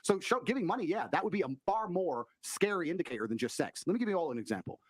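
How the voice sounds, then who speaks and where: A man talking as a guest on a podcast, forceful and lecturing. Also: high voice, big pitch swings, quick pace, dry recording, rough recording. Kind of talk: opinionated podcast talk.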